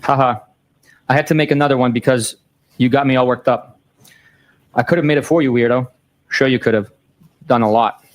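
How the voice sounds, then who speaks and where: Reading a sequence of text messages in a courtroom, a man speaks briskly into the microphone but leaves long pauses. His voice sits in a normal middle register and stays flat and factual through the teasing lines, with each date and time read plainly before the messages.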